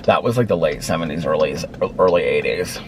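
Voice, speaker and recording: Chatty man over loud traffic noise. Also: a little fast. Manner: chatty storyteller, acts out friend's lines in a higher voice. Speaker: vlogger. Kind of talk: casual vlog chat. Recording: loud car and street noise.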